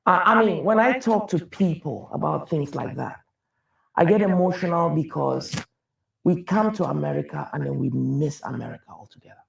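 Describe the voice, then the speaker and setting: A man's voice: on the high side, normal speed, creaky, a little hiss or hum. A man giving an emphatic public talk, repeating phrases as he builds his point. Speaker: speaker on wealth and taxes. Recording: echoey room from a distance.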